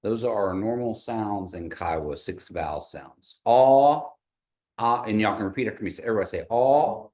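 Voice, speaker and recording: Male teacher with a lower voice, runs a patient repeat-after-me drill in a classroom. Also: animated, a little mellow. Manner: patient, models sounds slowly and has the class repeat. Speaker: language teacher. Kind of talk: classroom pronunciation lesson. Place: classroom with a group of learners.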